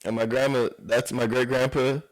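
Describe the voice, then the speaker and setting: Young male guest, relaxed rambling storyteller, casual. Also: mid-range voice, moderate pace, poor audio. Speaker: podcast guest, clothing designer. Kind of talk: casual chat.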